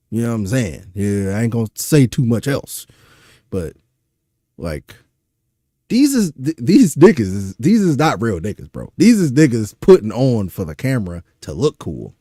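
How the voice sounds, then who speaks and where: On a dry, clean studio recording, a young man from Louisiana with a Louisiana accent speaks in a lowish, darkish voice. He rants his way through a reaction stream, profane and exasperated, asking rhetorical questions.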